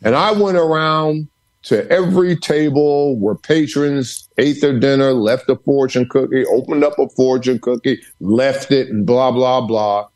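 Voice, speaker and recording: A man's voice: medium pitch, measured pace, a little mellow. Male podcast guest telling stories from his home study, emphatic and preacher-like in his repetition. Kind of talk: storytelling interview.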